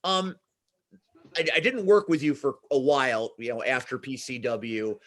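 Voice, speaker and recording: A man's voice: medium pitch, steady tone, normal speed, a bit bright. Rambling male podcast host. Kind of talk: casual interview chat.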